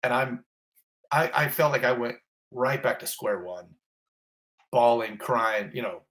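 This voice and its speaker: A man telling a personal story in an interview, animated and emotional, gasping and exclaiming as he relives it, rambling with many restarts. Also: mid-range voice, unhurried. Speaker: interview guest.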